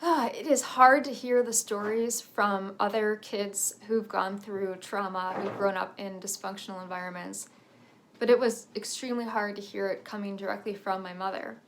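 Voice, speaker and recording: Woman in her 30s telling her own story, earnest and reflective, mid pitch, lets out little nervous laughs. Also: fairly even intonation, normal speed, slight background noise. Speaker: author sharing a personal story.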